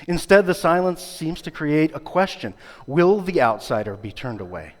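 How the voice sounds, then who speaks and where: A man's voice: a little high, expressive, normal speed. A man preaching a sermon as pastor, earnest and building his points through rhetorical repetition. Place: church sanctuary. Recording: long reverb of a church hall.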